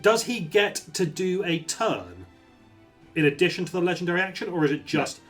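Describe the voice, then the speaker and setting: A man playing in a tabletop game, eager and animated, often restarting his sentences. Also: high-pitched, moderate pace, soft background music. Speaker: player.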